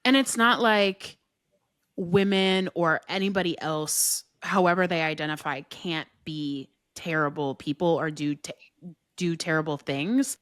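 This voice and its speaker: A woman's voice: low-pitched, a little slow, a bit bright, dry recording, studio quality. A woman speaking as a guest on a dating podcast, emphatic and peppered with "like" fillers. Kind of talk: casual podcast chat.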